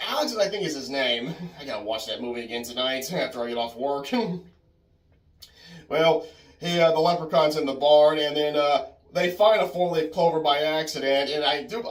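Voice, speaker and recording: A man's voice: on the high side, animated, moderate pace. A man giving a casual, rambling film review, hesitant and full of restarts, with frequent chuckles. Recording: roomy echo from a distant mic.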